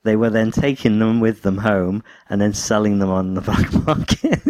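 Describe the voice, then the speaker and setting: A man's voice: lowish voice, moderate pace, darkish tone, dry recording. A man co-hosting a podcast, chatting casually and telling stories with a wry, laughing manner. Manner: storytelling, wry, prone to laughing. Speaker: podcast co-host. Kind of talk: casual chat.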